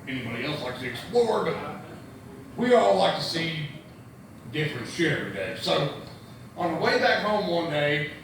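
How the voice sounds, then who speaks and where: On a comedy club stage, a stand-up comedian from Indianapolis, USA tells a profane, rambling story, stammering through restarts. His slightly high, gravelly, a bit bright voice swings widely in pitch at a moderate pace, pausing often. The echoey room mic catches him from afar, with noise.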